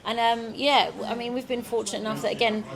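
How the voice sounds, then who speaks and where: A woman's voice: a little high, steady tone, fast talker, creaky. Chatty woman over festival crowd noise. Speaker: folklorist guest. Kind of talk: casual chat. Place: outdoor festival.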